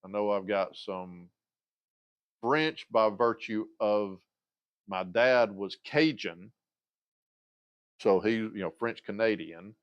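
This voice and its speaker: A man in his fifties speaks slowly and pauses often in a low-ish voice while hosting a casual livestream chat; the recording is muffled with no echo. He rambles, loses his train of thought and hesitates with many uhs and restarts.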